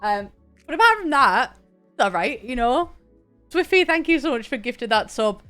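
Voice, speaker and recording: Young woman, casual streamer chat, smooth clear voice, faint music behind. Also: on the high side, big pitch swings, normal speed, fairly bright tone. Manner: chatty, thanks viewers by name, laughs often. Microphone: desk mic, camera on.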